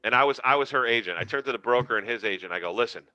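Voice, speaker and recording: A man's voice: medium pitch, very fast, dry recording, lo-fi sound. A man, a comedian telling stories in a casual chat and acting out the voices of the people in them. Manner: animated storyteller acting out quoted voices. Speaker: comedian guest.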